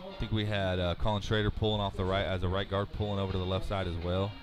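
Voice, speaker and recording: A man giving color commentary on a high school football game in a relaxed, conversational way. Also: fast.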